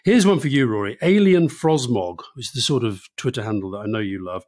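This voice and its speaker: Male podcast co-host from Scotland, mid-pitched, brisk chat, dry studio sound. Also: animated, a little mellow, no room sound. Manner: brisk, conversational, reads listener questions. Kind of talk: casual political chat.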